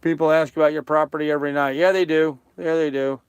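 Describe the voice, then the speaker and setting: An older man, a sailing vlogger, chats casually with live-stream viewers from the cabin of his small sailboat on a lake, joking and laughing at his own jokes. His voice is a little high and steady, his pace quick. The sound is clean studio quality, with no room sound.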